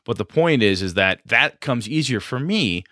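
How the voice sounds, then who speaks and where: A man's voice: mid-range voice, lively intonation, normal speed, bright, forceful tone, no echo, studio quality. A man co-hosting a podcast, talking casually and at length about running tabletop games, rambling and self-deprecating. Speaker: podcast co-host, game master. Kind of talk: casual chat.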